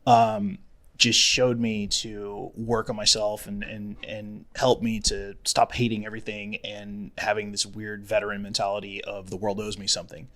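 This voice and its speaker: A man's voice: fairly low pitch, level tone, normal speed, fairly bright tone. A man talking as a podcast guest in casual interview chat, frank and reflective, swearing now and then.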